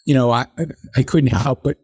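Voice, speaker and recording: An older man, a guest in an interview, telling animated stories and acting out the people he quotes. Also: mid-range voice, moderate pace, breathy edge, dry recording, studio quality. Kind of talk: conversational interview storytelling.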